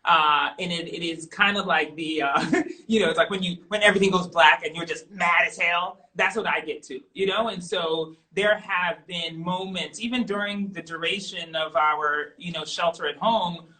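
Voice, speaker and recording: Forceful, candid middle-aged woman guest. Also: on the low side, normal speed, low-quality recording. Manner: emphatic, animated, repeats points for stress. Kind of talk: candid interview conversation.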